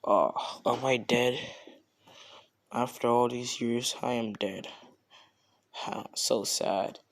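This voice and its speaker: A man's voice: mid-range voice, steady tone, takes it slowly. A man voicing a powerful male villain who talks formally and politely. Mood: wistful.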